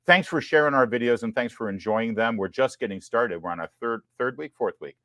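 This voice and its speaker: A man hosting a live online commentary show, talking in an animated, joking way. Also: medium pitch, fairly quick, no room sound. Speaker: host.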